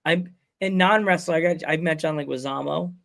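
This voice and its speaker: Podcast host, male, gravelly and a touch high, loose rambling banter. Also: brisk, fairly bright tone. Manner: rambling, jokey storytelling. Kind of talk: casual chat.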